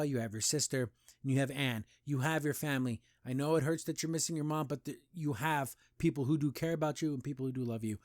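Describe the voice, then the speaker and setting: A man hosting a cartoon review show, chatting casually and enthusiastically, rambling with lots of "like" and "you know" and jumping up in pitch when he praises a scene. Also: a little mellow, dry recording, clean studio sound.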